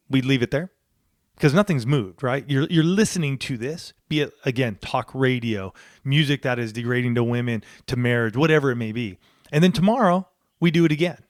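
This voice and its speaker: A man's voice: fairly high pitch, dry recording, studio quality. A middle-aged man co-hosting a talk podcast, speaking earnestly and emphatically, often repeating words. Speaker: podcast co-host. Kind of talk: casual chat.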